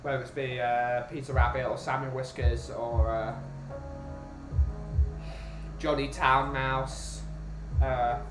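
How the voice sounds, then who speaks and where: A man's voice: mid-range voice, little pitch movement, slow, long pauses. A man from the UK chatting casually as a podcast host, rambling and restarting his sentences. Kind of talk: casual chat. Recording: roomy with music behind.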